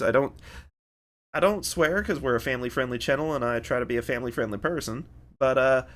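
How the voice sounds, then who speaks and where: A man's voice: mid-range voice, a bit bright. Tired young man with a hammed-up Southern drawl. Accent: Southern American, exaggerated on purpose. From Southern United States. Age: young adult. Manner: rambling and self-mocking, with folksy slang. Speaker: streamer. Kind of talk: casual stream chat.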